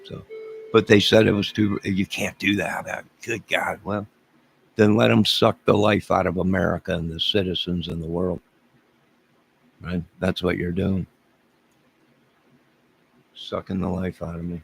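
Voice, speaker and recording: A man's voice: low voice, fairly even intonation, moderate pace, vocal fry, slight background noise. A man around fifty ranting to his livestream chat, rambling and exasperated, repeating himself.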